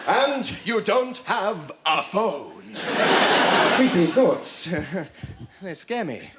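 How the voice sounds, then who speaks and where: A man's voice: high voice, wildly swooping pitch, very slow, very noisy. A British man doing a zany, rambling stand-up routine on a live TV stage. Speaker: stand-up comedian. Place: TV studio with audience. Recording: echoey live studio, loud audience.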